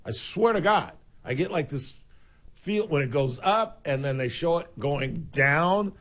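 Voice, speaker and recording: Male talk host, rambling and animated, slightly higher pitch. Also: unhurried. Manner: rambling, animated storyteller, swears for emphasis. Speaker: radio show host. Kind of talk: casual talk radio chat.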